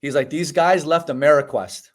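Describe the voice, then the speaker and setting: Animated man telling a story. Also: fairly high pitch, moderate pace. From United States (Chicago). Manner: animated storyteller, acts out quoted dialogue, says "bro" and "man". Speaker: podcast guest. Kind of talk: storytelling in a casual interview.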